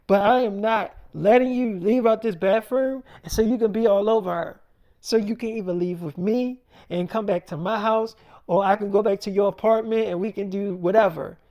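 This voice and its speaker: A man's voice: sits high, fairly even intonation, normal speed, a little mellow. A man voicing a jealous young woman who furiously confronts her boyfriend, blunt and profane. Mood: pleading.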